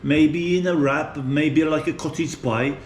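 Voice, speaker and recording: Older English man, light West Midlands accent, rambling casual food vlog, slightly high voice, echoey room with faint background hum. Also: steady tone, a little slow. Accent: English, West Midlands with a Maltese tinge. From England, West Midlands. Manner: chatty, rambling, chuckling. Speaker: food vlogger.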